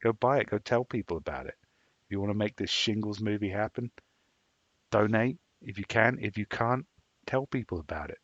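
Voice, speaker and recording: Casting note: English male podcast co-host, low-pitched, swears freely, urges listeners on, dry muffled recording. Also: lively intonation, moderate pace, dry recording. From England. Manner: profane, emphatic rallying of listeners. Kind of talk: casual podcast chat. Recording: dull, dry lo-fi sound.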